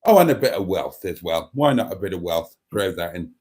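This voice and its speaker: A man's voice: low-pitched, expressive, a little fast, a little mellow. An older Welsh man hosting a casual live stream, theatrical and chatty, calling his viewers darlings. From Wales. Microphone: microphone and tablet.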